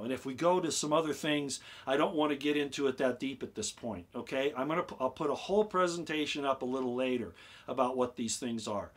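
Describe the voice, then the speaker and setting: A man explaining things on a casual YouTube live stream. He gets excited, repeats himself and keeps asking his viewers "okay?". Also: on the high side.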